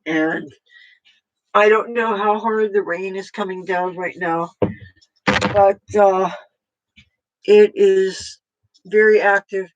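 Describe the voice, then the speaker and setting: A political vlogger talking casually at home in a rambling, halting way with many fillers and restarts. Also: medium pitch, steady tone, highs cut off.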